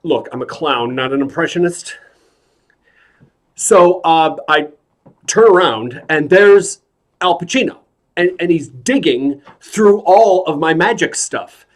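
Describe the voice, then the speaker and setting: A man from New York telling a stand-up story in a hesitant, deadpan way over a video call. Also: fairly high pitch, takes it slowly. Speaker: stand-up comedian. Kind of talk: stand-up comedy set.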